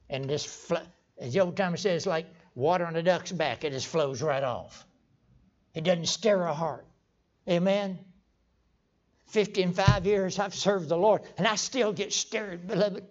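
A man's voice: high-pitched, lively intonation, normal speed, slight background noise. An older man preaching a folksy sermon in a church, stumbling over restarts and breaking into sudden emphatic outbursts. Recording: dull lo-fi sermon recording.

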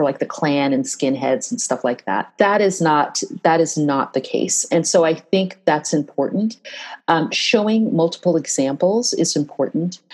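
Woman guest, husky and a bit low, earnest, direct interview talk. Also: poor audio. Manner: earnest and direct, animated when telling stories, frequent "right?". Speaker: diversity and bias trainer, interview guest. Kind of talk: casual interview talk with storytelling.

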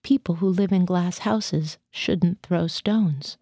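A woman's voice: lowish voice, takes it slowly, warm tone, dry recording. A woman reading the part of a skeptical male military psychiatrist who questions his patient in a probing, dry way. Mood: questioning.

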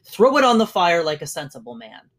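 A reader voicing a weary old male soldier who speaks slowly and solemnly. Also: medium pitch, sing-song. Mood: grave. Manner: slow, solemn warnings.

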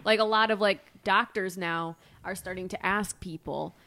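A woman talking as a panelist in a casual chat, chatty and soft-spoken. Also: mid-range voice, normal speed.

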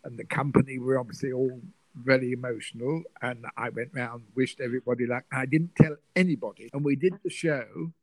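An older man, a guest telling a lively showbiz anecdote and acting out the voices in it. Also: medium pitch, a little fast, no echo, rough recording. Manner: lively, acts out the voices in his stories. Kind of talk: storytelling anecdote.

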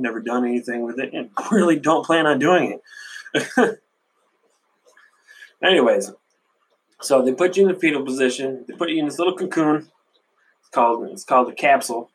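Male solo podcaster, husky, congested, loose and profane, chuckles at his own tangents. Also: mid-range voice, fairly bright tone, poor audio. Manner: rambling, profane, laughs at himself. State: stuffy runny nose. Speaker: podcast host.

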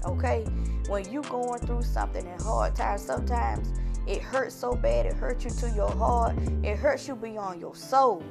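A woman with a gravelly, fry-tinged voice delivers a heartfelt encouraging talk straight to her audience. She speaks in a homey, preacherly way, addressing listeners directly and climbing into fervent, almost shouted exhortation. Faint music sits underneath. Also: mid-range voice, moderate pace. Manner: folksy, calls to the audience directly. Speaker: online encourager addressing viewers. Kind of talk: impassioned encouraging talk to camera.

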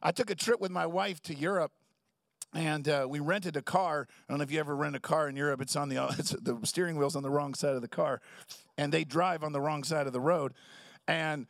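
A man's voice: a little high, steady tone, brisk, vocal fry, no room sound, studio quality. A young adult man preaching a sermon in a conversational, joking storytelling way, acting out quotes along the way. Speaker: pastor.

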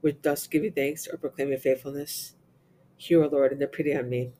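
A man reciting the Divine Office, reading psalms and lessons in English with Latin responses, in a steady, even recitation. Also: medium pitch, fairly quick, slight background noise. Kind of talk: reciting liturgical prayer and psalms.

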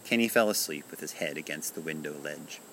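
A man reading a children's story aloud in a calm, gentle, measured way. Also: a bass voice, a little hiss or hum.

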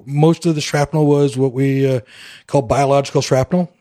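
A man's voice: mid-range voice, steady tone, normal speed, dark tone. A middle-aged man from Canada, a military veteran guest on a podcast, telling his story candidly with a wry edge, acting out the dialogue, with frequent fillers.

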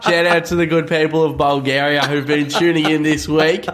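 A hoarse Australian man with a slightly raised pitch co-hosts a sports podcast. He chats casually and keeps his jokes dry. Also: steady tone, moderate pace, hardly any pauses, faint music behind. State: hoarse from a flu. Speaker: podcast co-host.

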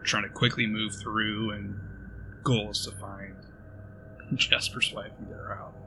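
A man playing a character in a tabletop role-playing game, speaking in a steady, matter-of-fact way. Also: lowish voice, unhurried, background noise. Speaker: player. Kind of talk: casual tabletop role-play.

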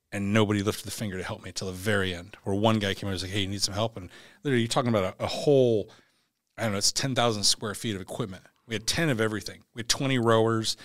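A middle-aged man with a lowish voice recounts a painful chapter of his life in a podcast interview. He talks bluntly, swears, and restarts his sentences as he searches for words. The sound is close and dry, with no room echo. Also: a bit bright. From United States. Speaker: podcast guest. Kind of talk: emotional personal storytelling.

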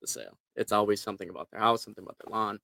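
A man's voice: on the low side, lively intonation, very fast, vocal fry, bright, forceful tone, no echo. Man explaining his sales approach, dry sound. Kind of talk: casual chat.

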